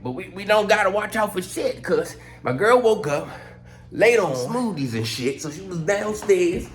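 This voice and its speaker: A man vlogging about his pets, telling a story in a casual, animated way and swearing constantly. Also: sits high, moderate pace, faint music behind. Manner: animated, profane, heavy cursing. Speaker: pet owner vlogger.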